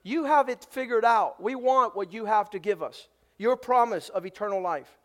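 A male pastor preaching a sermon, emphatic, swinging between loud declarations and hushed, low passages. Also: moderate pace, hardly any pauses.

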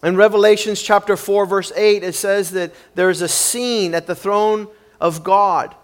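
A pastor raised in a Cuban family, preaching an emphatic sermon with many repetitions and growing intensity. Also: male voice, high-pitched, fairly even intonation, measured pace, clean tone. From Cuban upbringing.

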